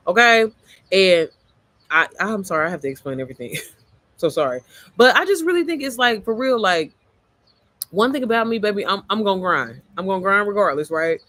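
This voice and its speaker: Woman, raspy-tired voice, casual motivational livestream, rambling and profane, dry close sound. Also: medium pitch, expressive, brisk, bright, forceful tone, no room sound. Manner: rambling, easily sidetracked, profane and chatty. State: voice worn, a bit hoarse. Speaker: mom entrepreneur livestreamer.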